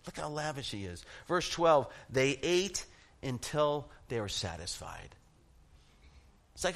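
A middle-aged man preaching a sermon, telling funny stories with animated energy and laughing at his own jokes. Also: medium pitch, unhurried. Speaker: pastor.

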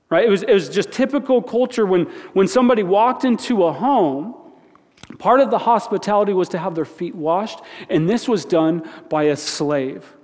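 This pastor's voice is high-pitched and a little mellow. He gives an informal, conversational sermon in church, repeating words and asking the congregation questions, with the long reverb of a big hall around him.

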